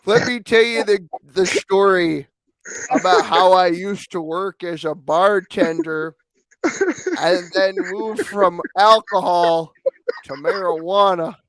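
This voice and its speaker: A man puts on a solemn old male storyteller who stretches every phrase out, loud and mock-grave. The voice sits fairly high and sounds dry and close. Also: fairly even intonation, no echo, heavily acted. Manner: slow, drawn-out, loud mock-solemn delivery.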